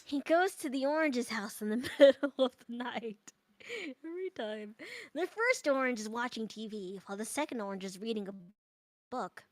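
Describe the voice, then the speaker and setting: A woman's voice: a little high, expressive, moderate pace, dry recording. A woman streamer reading a creepypasta aloud with banter, giggly and self-deprecating.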